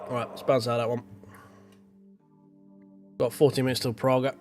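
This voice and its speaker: A man's voice: mid-range voice, level tone, measured pace, faint music behind. A man chatting loosely to his stream while driving a racing sim, thinking aloud and swearing casually. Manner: rambling, self-talking, casual swearing. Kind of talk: live gameplay commentary.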